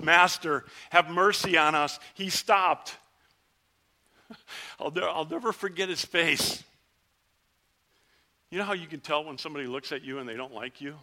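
A man voicing a leper who was one of ten, telling his story in a first-person dramatic sermon as a vivid storyteller. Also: on the high side. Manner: vivid storyteller, shouts the plea, then hushes.

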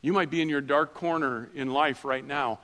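A middle-aged man preaching a sermon in church, telling personal stories with self-deprecating humor and dropping soft and low for quiet moments. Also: moderate pace. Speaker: pastor.

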